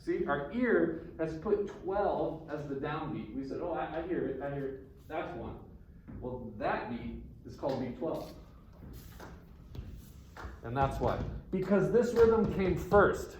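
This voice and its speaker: Slow-talking man teaching a music lesson. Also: on the high side, expressive, a little mellow. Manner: counts beats aloud, explains patiently with questions. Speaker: guitar instructor. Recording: echoey room with faint ambient noise.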